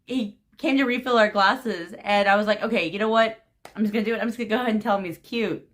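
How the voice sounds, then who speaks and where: A young woman from the United States telling a story to her camera in a giggly, animated, gushing way. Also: medium pitch, fast. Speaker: vlogger.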